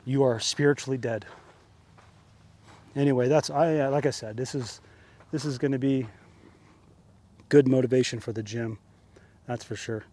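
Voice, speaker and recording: A man's voice: medium pitch, fairly even intonation, normal speed, long pauses, dark tone. A man delivering an angry, profane monologue rant, fired up and sweating, repeating himself for emphasis. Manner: heated, profane, repetitive ranting. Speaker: vlogger. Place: outdoors under an open sky.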